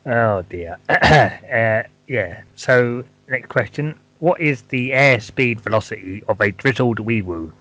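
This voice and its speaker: A man co-hosting a podcast, asking questions in an unhurried, drawling way. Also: mid-range voice, lively intonation, bright, forceful tone. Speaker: podcast co-host. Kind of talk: casual podcast chat.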